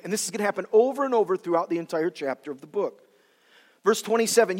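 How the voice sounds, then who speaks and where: A male preacher giving a sermon in an animated, dramatic way, acting out quotes with different voices. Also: high-pitched, quick pace. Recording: long reverb of a large hall.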